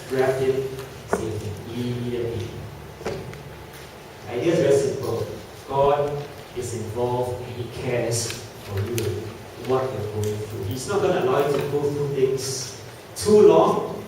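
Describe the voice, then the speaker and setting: A man preaching at a youth camp, telling stories with lively acted quotes. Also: medium pitch, slight background noise. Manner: animated storytelling with acted quotes. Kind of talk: sermon. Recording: echoey room from a distance.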